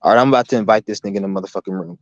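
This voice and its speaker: A man's voice: fairly low pitch, racing, no echo, muffled recording. A man hosting a livestream, ranting in a rambling, profane, combative way from his computer mic. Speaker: livestream host. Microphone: laptop or computer mic, no headphones.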